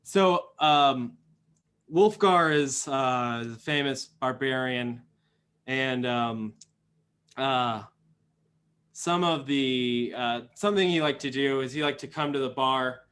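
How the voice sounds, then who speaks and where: A man's voice: medium pitch, slow, a bit bright. A young man running a tabletop game as game master, rambling with many fillers and restarts.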